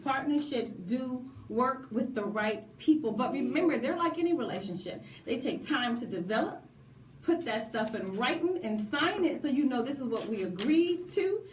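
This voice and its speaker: A woman, co-hosting a talk show in a lively, preacherly manner. Her voice sits a little high, and she sounds like she is some way off from the mic in an echoey room. Faint ambience hums behind her. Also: far from the mic, a little hiss or hum. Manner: lively, preachy, laughing asides. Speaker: co-host. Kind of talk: casual radio talk.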